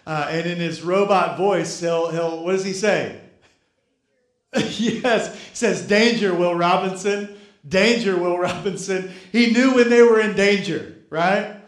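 A man's voice: on the high side, roomy sound. A male pastor preaching a sermon, repeating key phrases and calling on the congregation to respond. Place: church sanctuary.

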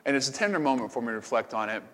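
A man's voice: mid-range voice, lively intonation, very fast, a bit bright, long reverb tail. A man preaching as a pastor, then answering questions in a conversational way, often repeating words as he thinks. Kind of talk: sermon and Q and A. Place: camp meeting hall.

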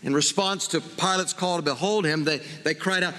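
A man's voice: mid-range voice, steady tone, a little fast, hardly any pauses, fairly bright tone. A man preaching a sermon as pastor, earnest and full of rhetorical questions. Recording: long hall reverb.

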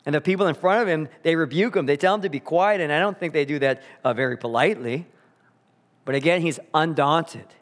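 A man preaching a sermon, earnest and emphatic, slowing down to repeat key phrases, in a church sanctuary. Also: a little high. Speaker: pastor. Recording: long hall reverb.

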